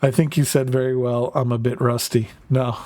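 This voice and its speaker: A man's voice: mid-range voice, steady tone, normal speed, mellow. A man streaming a tank game, talking casually in a rambling way, full of fillers, and swearing now and then. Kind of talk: casual live gaming commentary.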